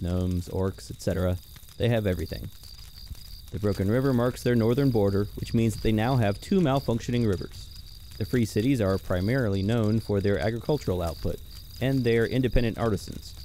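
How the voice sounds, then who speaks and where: Male game master, low mellow voice, scripted recap, faint hiss behind. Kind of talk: scripted narration.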